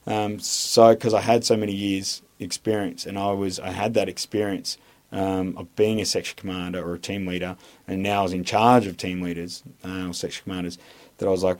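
A deep-voiced Australian man with a low register tells his army stories in a loose, rambling way. He swears freely and circles back on himself with "um"s and false starts, blunt in his opinions as an interview guest. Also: fairly even intonation, a little fast, a little mellow. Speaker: podcast guest, former army instructor. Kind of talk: casual interview storytelling.

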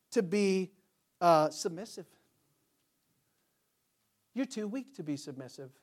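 A male pastor preaching a sermon, asking rhetorical questions, building in force and then dropping low.

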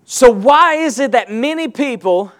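A man preaching a sermon, calling on the congregation to answer back and stressing points with slow, emphatic delivery. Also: extremely high pitch, lively intonation. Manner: call-and-response preaching, rising to emphatic shouts.

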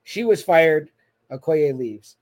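A man chatting casually as a podcast co-host, recapping a film scene with animated, profane retellings. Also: on the high side, slow. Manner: animated, profane, acts out dialogue. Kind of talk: casual movie recap chat.

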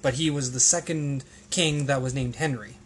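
A man's voice: medium pitch, steady tone, moderate pace, a little hiss or hum. A man hosting a casual podcast, rambling and hesitant, with plenty of restarts and ums. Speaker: podcast host.

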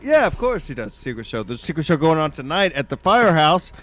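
A man hosting a crude, casual talk show, teasing his guest in a mock-serious way, his voice sometimes cracking when he gets excited. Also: a little high, fast talker.

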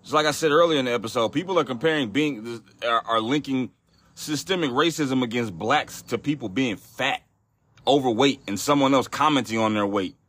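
A man's voice: mid-range voice, moderate pace, a bit bright. A man hosting a solo podcast, ranting in a profane, exasperated way with frequent restarts. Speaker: podcast host.

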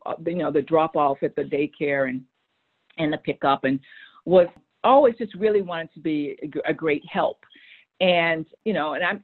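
A middle-aged woman, a guest on a show, telling a personal story in an animated way, often repeating words as she starts a sentence. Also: low-pitched. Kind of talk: conversational storytelling. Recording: tinny phone-like line.

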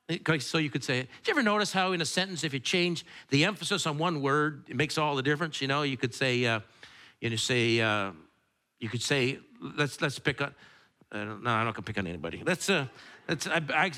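A middle-aged male preacher whose voice rises and falls a lot. His tone is bright and forward. He stumbles and repeats words and drifts into chatty asides. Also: on the high side. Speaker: pastor. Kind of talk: sermon with opening prayer.

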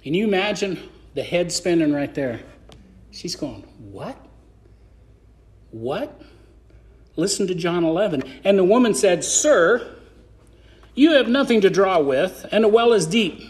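A man's voice: high voice, expressive, normal speed, slight background noise. A man preaching a conversational sermon on a podcast, acting out scripture scenes in voices.

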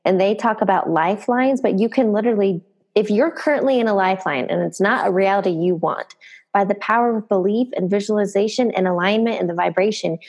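A woman's voice: mid-range voice, fairly quick, a little mellow. A woman hosting a casual conversation, eager and agreeable as she responds. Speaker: host.

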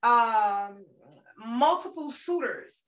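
A woman's voice: on the high side, expressive, crowd noise. A woman podcast host talking frankly and emphatically in a casual interview. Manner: frank and emphatic, spoken slowly. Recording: roomy sound from a distance from the mic.

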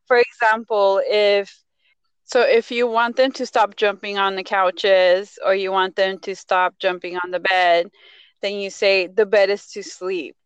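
Smooth-voiced woman giving parenting tips. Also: medium pitch, flat delivery, a little slow, no room sound, dull audio. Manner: explains with examples, code-switches into Spanish phrases. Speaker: guest parenting expert. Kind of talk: casual panel chat.

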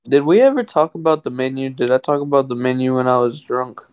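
A man's voice: medium pitch, fast, darkish tone, clean tone, no echo. A young man co-hosting a podcast, rambling in a laid-back, swearing casual chat. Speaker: podcast co-host.

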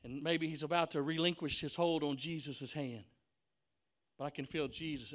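A man preaching a Pentecostal sermon, telling the story dramatically and acting out the voices, swinging from whispers to shouts. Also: on the high side, moderate pace.

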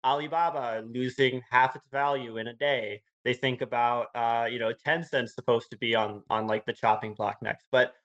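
A man hosting a casual podcast interview, eager and excitable, often restarting his sentences. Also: mid-range voice, moderate pace, few pauses, muffled recording. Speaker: podcast host. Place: Hawaii.

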